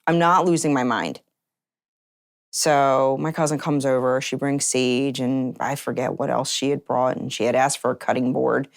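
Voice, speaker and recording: A woman's voice: extremely low pitch, level tone, normal speed, gravelly, few pauses, a little mellow. A woman recounting her own experience in an interview, chatty and loose, leaning on filler words as she talks. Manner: chatty, heavy use of "like" fillers. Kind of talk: casual personal storytelling.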